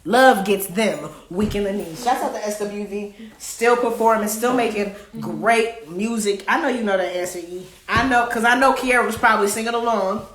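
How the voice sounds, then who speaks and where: A woman's voice: mid-range voice, normal speed, few pauses, a bit bright. A woman hosting a live card game, reading questions aloud in a playful way and singing bits of songs. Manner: playful, sings song snippets, reads cards aloud. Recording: echoey room.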